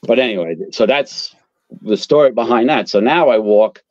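A man, a guest fire captain telling animated, profane stories and acting out quotes. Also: medium pitch, normal speed, no room sound, dull audio. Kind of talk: casual storytelling.

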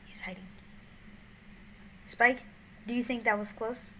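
A young woman talks through a hide-and-seek game in a slightly high voice, jumping from giddy shrieks to quiet mumbles. The home recording carries steady background noise and clicks. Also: measured pace, low-quality recording. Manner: excitable, shrieks and giggles, drops to mumbled whispers. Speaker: gaming YouTuber. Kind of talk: gameplay commentary.

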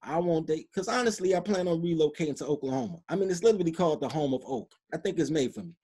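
Blunt, husky-voiced man. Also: fairly high pitch, animated, rapid-fire, warm tone. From Chicago. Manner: blunt, emphatic, street-casual. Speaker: podcast guest. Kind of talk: opinionated interview talk.

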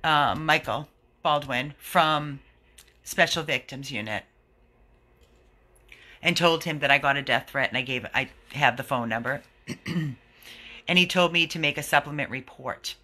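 A man's voice: on the high side, measured pace, long pauses, sharp tone. A man who runs an animal rescue, giving an indignant, earnest video update to his followers.

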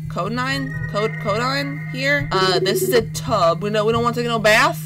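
A woman playing a horror game and commenting in a goofy, playful way, with baby-talk words, who gets excitable and jumpy when scared. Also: fairly high pitch, moderate pace, low-quality recording. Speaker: gaming YouTuber. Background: loud eerie game music.

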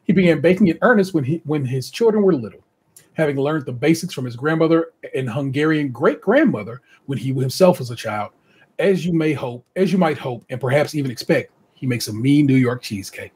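Chatty American male podcast host with a raspy, fairly high voice who reads bios with lively asides. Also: brisk. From United States. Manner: chatty and animated, laughs often, many asides. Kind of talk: casual chat, reading contestant bios aloud.

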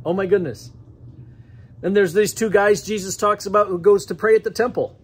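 A man's voice: sits high, steady tone, normal speed, slightly rough. A man with an American accent preaching a sermon as pastor, conversational and often chuckling between phrases. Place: church sanctuary.

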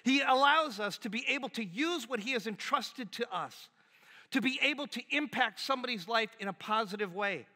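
High bright-voiced male pastor preaching. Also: moderate pace. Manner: animated, conversational preaching with acted-out quotes. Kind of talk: sermon. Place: church sanctuary. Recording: long hall reverb in a church.

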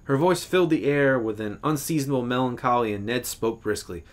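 A male English professor reads a literary short story aloud. His delivery is measured and expressive, with a few small self-corrections along the way. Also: medium pitch.

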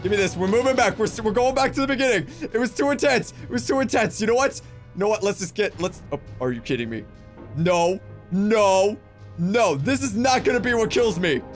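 High-voiced frustrated young gamer man. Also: lively intonation, a little fast, soft background music. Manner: frustrated, exclaiming, rambling self-talk. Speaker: gaming YouTuber. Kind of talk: let's play commentary.

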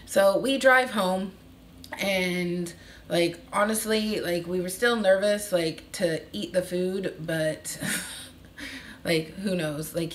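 A woman's voice: fairly low pitch, a little hiss or hum. A woman in her thirties telling a story in a casual vlog, acting out the voices of the people in it. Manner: animated, acts out quoted voices. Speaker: vlogger.

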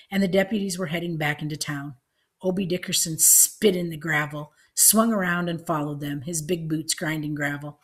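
A woman reading an audiobook, narrating with measured storytelling. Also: deep voice.

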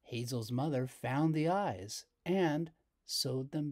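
A man reading a children's picture book aloud as storyteller, slow and expressive. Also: medium pitch.

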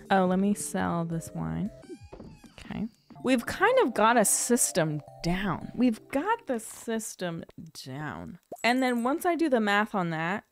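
A young woman hosting a let's play, chatting casually and gushing warmly at her viewers. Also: lowish voice, clean tone, dry recording. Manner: bubbly, gushing, addresses viewers as y'all. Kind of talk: casual gameplay commentary.

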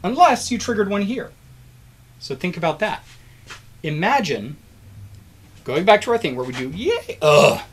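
This biology lecturer has a husky voice that sits high, and he talks at a moderate pace with frequent pauses. In the recording he guides students step by step, encourages them, and animatedly voices a cheering crowd doing the wave.

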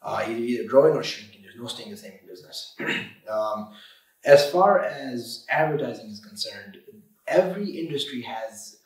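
Shop owner guy on a podcast, emphatic and animated, lots of "you know", sounds far off the mic in a roomy space. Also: mid-range voice, normal speed. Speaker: auto repair shop owner. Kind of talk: podcast interview guest.

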